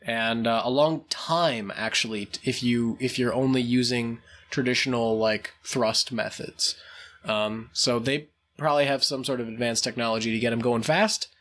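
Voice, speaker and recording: A man co-hosting a podcast, explaining things in a relaxed, casual way with many fillers. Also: medium pitch, normal speed. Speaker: podcast co-host. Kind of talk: casual chat.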